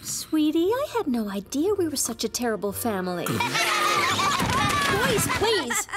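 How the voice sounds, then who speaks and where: A high peppy cartoon mom. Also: female voice, wildly swooping pitch, loud music behind the voice, exaggerated voice. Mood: eager. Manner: upbeat, pushy, quick to shout. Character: energetic cartoon mother of three, adult.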